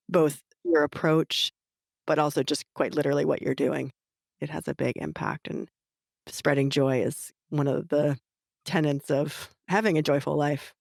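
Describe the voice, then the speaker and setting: A woman hosts an interview podcast, her voice sitting low for a woman. She speaks in a measured, admiring way. The sound is dry and close to the mic. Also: gravelly, no echo. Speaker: podcast host.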